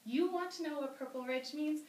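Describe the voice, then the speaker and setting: A woman's voice: high-pitched, fairly quick, a little mellow, a little hiss or hum, pitched above the performer's own voice, natural voice. A woman playing a friendly, amused stranger. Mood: coaxing. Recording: roomy, distant live-stage mic.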